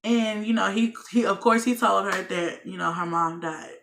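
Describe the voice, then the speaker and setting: A woman's voice: mid-range voice, steady tone, moderate pace, gravelly, a bit bright. A young woman vlogger telling a personal story straight to her viewers, candid and swearing freely. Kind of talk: storytime monologue.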